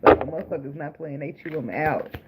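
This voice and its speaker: A man gives a casual tarot reading in a voice on the high side, keeping a steady tone and talking a little fast. He's blunt, profane and joking, laughing often. The recording is muffled and noisy, with clicks.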